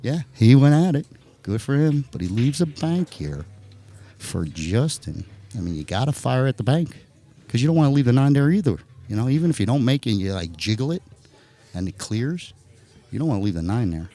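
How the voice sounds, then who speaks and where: A man's voice: medium pitch, a little fast. A man with a New Jersey accent giving chatty, joking live commentary on a pool match. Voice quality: animated, jokey, chatty.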